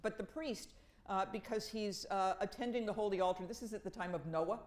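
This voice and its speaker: A woman's voice: mid-range voice, a little fast, roomy sound, poor audio. A woman from Massachusetts speaking as a professor on a panel, telling wry stories with emphatic repetition. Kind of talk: conversational academic talk.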